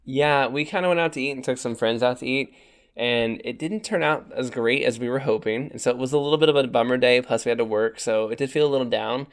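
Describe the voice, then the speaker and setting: A man's voice: medium pitch, fast talker. A young man co-hosting a podcast, talking casually and chattily with fillers and restarts. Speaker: podcast co-host.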